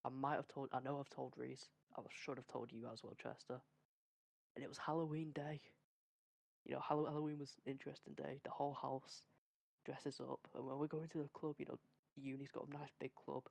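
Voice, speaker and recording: A young Englishman, hosting a podcast and telling an energetic, rambling story while swearing freely. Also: mid-range voice, a little fast, vocal fry, dry recording. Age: young adult. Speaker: podcast host. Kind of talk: casual storytelling among friends.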